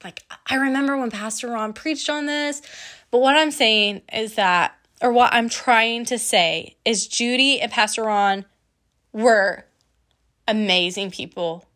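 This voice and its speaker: A young woman talking earnestly and casually about her faith, chatty and quick to laugh. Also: on the high side, a bit bright. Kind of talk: casual personal faith testimony.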